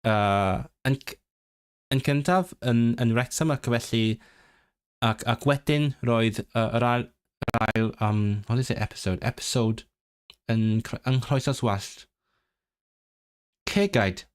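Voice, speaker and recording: A man hosting a livestream, chatting casually and haltingly, often restarting and switching between languages. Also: medium pitch, clean tone, no room sound, studio quality. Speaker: livestream host. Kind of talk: casual chat, mixing Welsh and English.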